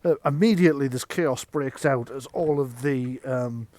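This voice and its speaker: A man's voice: mid-range voice, normal speed, darkish tone. A man narrating as game master of a tabletop game, with chatty, filler-filled storytelling.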